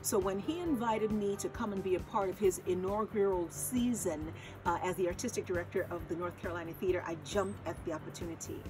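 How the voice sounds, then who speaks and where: A woman makes a heartfelt appeal for support, speaking straight to the listener. Her pitch sits in an ordinary middle range. Music plays clearly beneath her voice. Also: fairly even intonation, brisk. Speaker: stage performer. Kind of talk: fundraising appeal.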